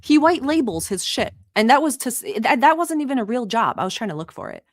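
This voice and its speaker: A woman's voice: on the high side, sing-song, quick pace, no room sound, studio quality. A woman from the Middle East giving heated, sarcastic and profane reaction commentary on a livestream.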